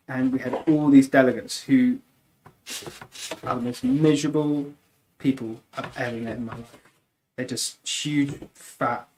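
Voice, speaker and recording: A man's voice: mid-range voice, rough recording. A man in a mid register tells loose, rambling stories in casual livestream chat, with plenty of "like" and "you know" along the way. A faint hiss sits under his voice. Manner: rambling, animated, lots of "like" and laughter. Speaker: guest sculptor.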